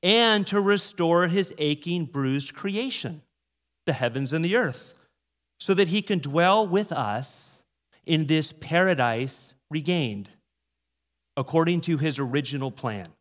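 A middle-aged male pastor delivering a conversational sermon with storytelling in a large church, his pitch and loudness swinging widely. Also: animated, slow pace. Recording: long hall reverb in a sanctuary.

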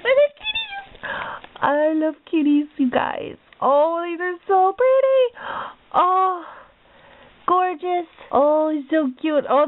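A woman vlogger with a high voice opens a craft package, exclaiming and gasping over each item. Her delivery is slow and drawn out. The sound is thin and tinny, like a phone line. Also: a little hiss or hum. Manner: gushing, gasping, repeated exclamations. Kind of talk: package opening vlog.

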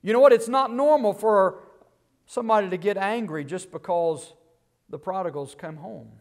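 A man preaching a Baptist sermon in a fairly high voice. He keeps asking his listeners rhetorical questions. He swings between loud bursts and quiet, low asides. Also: moderate pace. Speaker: guest preacher.

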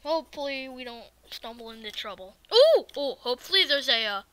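Excitable high-voiced woman gaming. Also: a little fast, no echo. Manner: excitable, swears and talks to the game enemies. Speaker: gaming video creator. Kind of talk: casual let's-play commentary.

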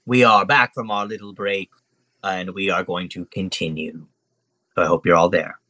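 A man's voice: low voice, steady tone, moderate pace, sharp tone, no room sound. A man narrating as game master in a casual, chatty way, laughing along.

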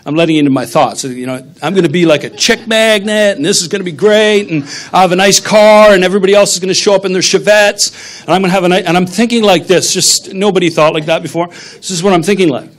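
A man's voice: high-pitched, fast. A middle-aged man, a pastor, preaching a sermon in a conversational, humorous storytelling manner.

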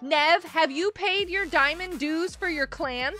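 A woman's voice: very high voice, measured pace, bright, forceful tone, faint music behind. A woman streaming a game live, chatting casually, gushing thanks to viewers and giggling often.

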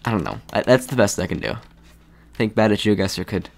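A man's voice: on the low side, very animated, moderate pace, creaky. Man musing aloud over a game. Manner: muses aloud, hesitant, frequent restarts. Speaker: gaming video creator. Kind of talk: thinking-aloud game commentary.

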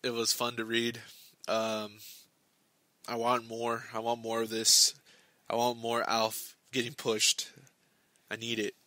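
A young man hosting a casual book club talk, rambling with lots of halting restarts and fillers, recorded on a close mic. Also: medium pitch, completely flat delivery, bright, forceful tone, no room sound.

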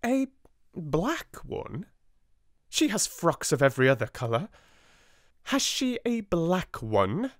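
A man with a British accent reading a soft-spoken audiobook, voicing a harsh middle-aged schoolmistress who speaks with bitter, clipped commands. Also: on the high side, wildly swooping pitch, slow pace, long pauses, no echo, studio quality, voice pushed up, heavily acted. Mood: fierce. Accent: British English.

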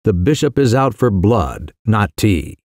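A man voicing a sly young mischief-maker who delivers outrageous news in a calm, careless, mock-serious way. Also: lowish voice, unhurried, no echo, studio quality. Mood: cool, mock-grave.

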